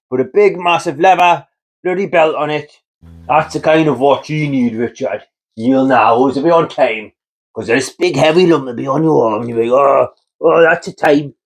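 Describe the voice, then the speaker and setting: Speaking in a slightly high voice, this North East England Geordie man is a builder vlogger. He delivers a playful, mock-dramatic monologue straight to camera, full of teasing and casual swearing.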